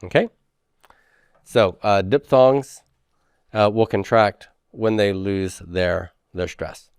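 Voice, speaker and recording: Male Hebrew instructor, patient and repetitive, slow measured delivery, dry close mic. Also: on the low side, smooth, dry recording. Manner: patient, repeats words slowly, checks in with "okay?". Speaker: Hebrew teacher. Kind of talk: recorded grammar lecture.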